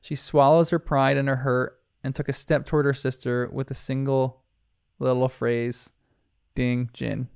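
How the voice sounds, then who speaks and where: A man's voice: mid-range voice, little pitch movement, normal speed, smooth, no room sound, studio quality. A man giving an earnest, reflective episode recap commentary as a show reviewer. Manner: earnest, reflective retelling with soft laughs.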